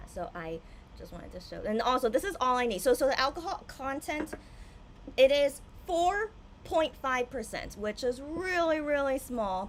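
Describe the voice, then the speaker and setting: Tipsy young woman streamer, high bright voice, excitable and animated. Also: a little hiss or hum. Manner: excitable, swings from hushed to loud outbursts. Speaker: livestreamer. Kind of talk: casual livestream chat.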